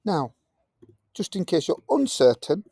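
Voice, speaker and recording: A man teaching a science lesson in a playful way, jumping into high, silly voices to act things out. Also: sing-song, unhurried, dark tone, slightly rough, no echo, studio quality. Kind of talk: classroom lesson.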